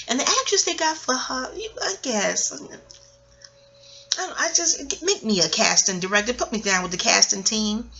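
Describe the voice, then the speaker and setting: With a fairly low pitch and a sharp tone, a middle-aged American woman rambles through a scattered vlog. She drifts from one tangent to another and swears freely along the way.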